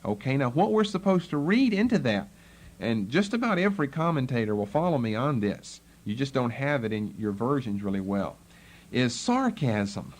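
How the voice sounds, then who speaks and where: In a very animated, medium-pitched voice, a man teaches a Bible lesson at normal speed. He explains the text and acts out the tone of the people he quotes.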